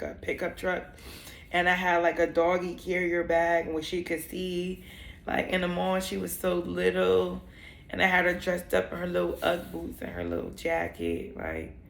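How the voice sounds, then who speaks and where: A woman's voice: fairly low pitch, creaky. Young woman, personal vlog storytelling, emotional and candid, echoey room. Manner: candid, emotional, rambling with many "like" fillers. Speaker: vlogger.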